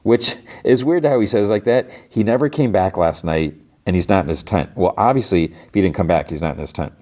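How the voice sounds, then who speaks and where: A podcast host recaps a TV episode in loose, rambling speech, stringing scenes together with constant fillers. His voice is low and deep. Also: a little fast, a little mellow. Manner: rambling, heavy use of "like".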